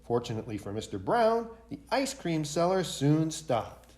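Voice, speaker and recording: A man, a library director, reading a picture book aloud for a children's storytime in an expressive way. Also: on the high side, normal speed.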